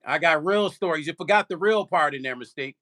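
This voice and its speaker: Animated, profane older man telling a story. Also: on the high side, fast. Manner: animated, profane, talks straight to viewers. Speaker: vlog host. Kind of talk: casual livestream storytelling.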